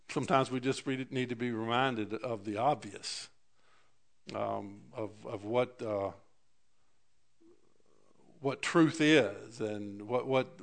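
A man preaching a sermon in a halting way, often repeating words and asking the congregation for an amen. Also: mid-range voice, fairly bright tone.

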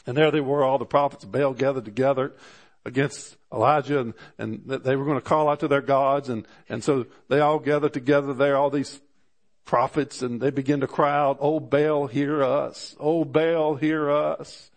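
A man preaching a sermon, animated and rising in pitch for emphasis, often restarting his phrases. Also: brisk. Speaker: pastor.

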